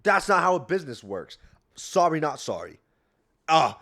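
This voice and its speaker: A young podcast host launches into a casual solo rant packed with swearing and rambling. His sing-song delivery is fairly quick and jumps between low mumbles and loud outbursts.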